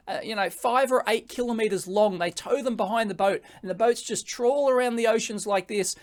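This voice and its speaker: An Australian man giving an animated classroom presentation to high school students, joking and going off on tangents. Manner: animated, jokey, prone to tangents.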